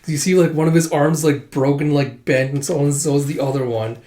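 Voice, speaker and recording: A man with a mellow, dark voice talks his way through a manga volume. He reads the characters' lines aloud with sudden jumps in energy, filling the gaps with lots of "like" and "uh". The sound has a roomy echo around it. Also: a little high, brisk. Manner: animated, voices characters in bursts, many fillers. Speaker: manga reader. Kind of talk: casual manga readthrough, reading lines aloud.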